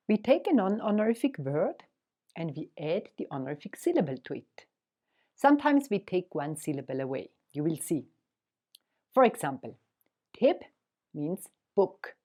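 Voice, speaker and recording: A woman teaching a language lesson in a gentle, patient, encouraging way. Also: fairly low pitch, big pitch swings, measured pace, pauses often.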